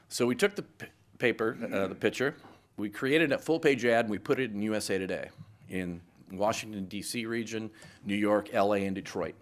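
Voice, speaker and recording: A middle-aged man holds the floor as a guest speaker. His voice sits a little low. He tells his stories lively and acts out each side of every conversation. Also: normal speed. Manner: lively storyteller who acts out both sides of conversations. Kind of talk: anecdotal speech to a live audience.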